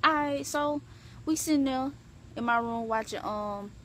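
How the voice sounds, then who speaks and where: A young woman tells a story straight to camera in loose, casual vlog style. She swears freely and talks animatedly, her voice leaping high for emphasis. A faint hum of noise sits behind her. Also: normal speed. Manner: animated, profane, with big pitch jumps. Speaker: vlogger.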